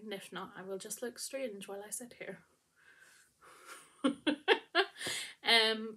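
A woman's voice: on the high side, a bit bright. A young woman, hosting her knitting podcast in a chatty, rambling way with lots of ums, seated at home. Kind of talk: casual chat to camera.

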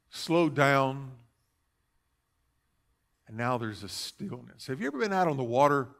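Bright-voiced, fervent preaching man. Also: medium pitch, very animated, unhurried, vocal fry, pauses often. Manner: dramatic swings between fervent loudness and hushed near-whispers. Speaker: pastor. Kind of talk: sermon. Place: church.

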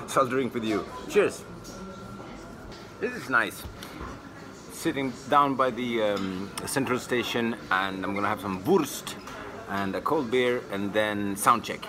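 A Swedish man speaks English as a second language with a Swedish accent, giving a chatty, self-mocking vlog and stand-up set. His voice is fairly low, slow, and full of long pauses, set over music in an echoey, distant recording with noisy ambience.

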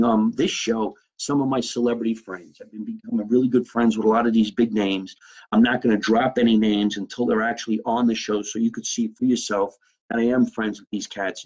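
A man from New Jersey with a husky, slightly rough voice hosts a casual live stream from his kitchen. He jokes brashly and swears freely as a comedian talking straight to his viewers. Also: medium pitch, a little mellow, muffled recording. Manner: brash, profane, joking. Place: home kitchen.

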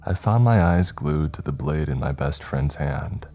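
A man narrating a horror story in a measured, dramatic way. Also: extremely low pitch, expressive, warm tone. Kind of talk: scripted narration. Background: faint background music.

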